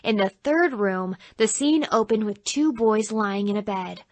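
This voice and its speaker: A woman narrating an audiobook in an even, clear storytelling voice. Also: mid-range voice, measured pace, dry recording.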